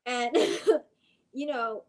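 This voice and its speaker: A woman's voice: fairly high pitch, very slow, darkish tone, low-quality recording. A woman speaking as a podcast guest in casual chat, frank and plain-spoken.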